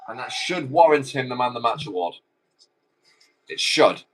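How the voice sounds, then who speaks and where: A man's voice: mid-range voice, lively intonation, normal speed, a bit bright, a little hiss or hum, rough recording. Chatty male game commentator. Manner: chatty, rambling asides between calls. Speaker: host. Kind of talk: live football game commentary.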